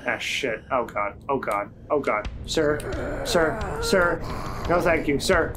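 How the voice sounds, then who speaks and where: Speaking slowly but with lively intonation, a let's play gamer offers casual, frantic, self-mocking commentary laced with swearing. His medium-pitched voice sits against background noise and game music.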